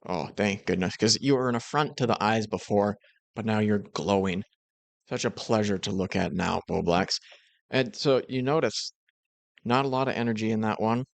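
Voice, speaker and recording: A man's voice: lowish voice, fairly even intonation, normal speed, gravelly, dry recording. A man giving dry, critical and sarcastic commentary over reaction clips. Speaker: commentary host.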